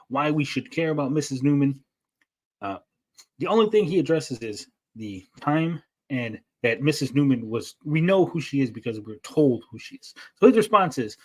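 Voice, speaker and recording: Sarcastic man hosting commentary. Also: a little high. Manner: sarcastic, animated, reads out posts. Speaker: commentary host. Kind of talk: casual commentary on social media posts.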